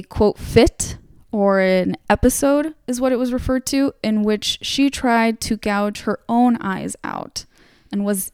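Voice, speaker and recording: Smooth-voiced woman telling a true-crime story. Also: fairly high pitch, a little mellow, no echo, studio quality. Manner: conversational storytelling, many fillers. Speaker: podcast host. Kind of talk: casual true-crime chat.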